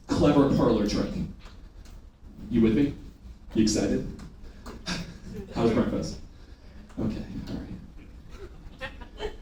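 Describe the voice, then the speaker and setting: Guy running a sales training for a live crowd, jokey and pumped, sounds far from the mic with faint room hum. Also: mid-range voice. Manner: energetic call-and-response drilling; joking, teasing the audience. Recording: very echoey room, mic at a distance.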